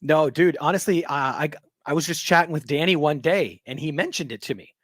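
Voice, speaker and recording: A man's voice: fairly high pitch, brisk, dry recording, clean studio sound. A man hosting a live stream, chatting in a friendly, easygoing way. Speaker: show host. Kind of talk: casual live-stream chat.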